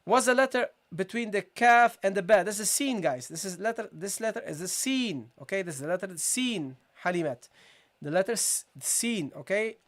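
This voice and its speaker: Patient teacher repeating and checking in. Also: male voice, sits high, expressive, a bit bright. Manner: repetitive, checking in with viewers, slow demonstration of sounds. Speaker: Quran recitation and Arabic teacher. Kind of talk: live-streamed tajweed lesson.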